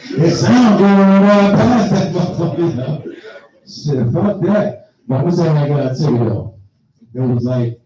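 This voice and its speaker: A man's voice: on the high side, expressive, normal speed, warm tone, dull audio. A man from Milwaukee doing a stand-up comedy set, telling rambling, profane stories and acting out what people said to him. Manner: profane, rambling storytelling with acted-out quotes. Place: live comedy venue. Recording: roomy echo, voice from far off.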